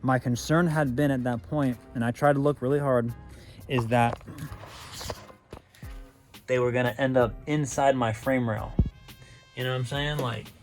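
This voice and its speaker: A man's voice: medium pitch, fairly even intonation, moderate pace, long pauses, soft background music. A man vlogging about his car, telling a rambling, casual story full of swearing and filler phrases.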